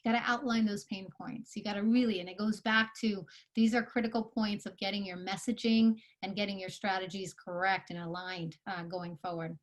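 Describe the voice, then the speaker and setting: A woman's voice: medium pitch, steady tone, a little fast, hardly any pauses. A woman giving a live online workshop talk to founders, earnest and coaching, with many fillers and restarts. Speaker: conference speaker.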